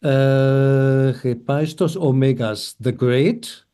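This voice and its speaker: Slow, mellow-voiced male student. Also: mid-range voice, clean tone. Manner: slow, tentative, asks questions. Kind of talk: online class, working through a translation.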